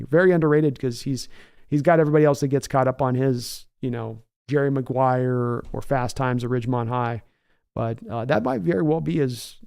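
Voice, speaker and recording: A man's voice: medium pitch, vocal fry, mellow, smooth. A man hosting a sports livestream in a casual, enthusiastic and rambling way, often restarting his words. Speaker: sports podcast host reading live chat.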